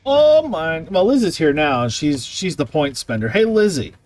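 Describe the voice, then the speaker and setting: A man's voice: fairly high pitch, big pitch swings, normal speed. A man chatting casually and playfully as a live streamer.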